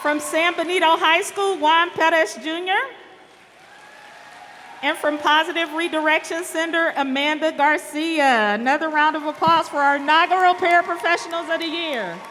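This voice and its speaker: Bright, high woman announcing in a hall. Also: steady tone, a faint crowd, a little hiss or hum. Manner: reads names slowly and calls winners up. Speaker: awards announcer. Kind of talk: school assembly announcing. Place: large school hall or auditorium. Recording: reverberant hall, faint ambience.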